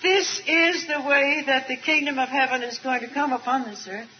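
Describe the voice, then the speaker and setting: An older woman delivers a sermon in a high voice, earnest and emphatic, slowing down to lean on key words. The recording is a dull, muffled archival tape. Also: fairly even intonation. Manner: earnest, slow emphatic stretches with light asides. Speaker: speaker at a Christian retreat.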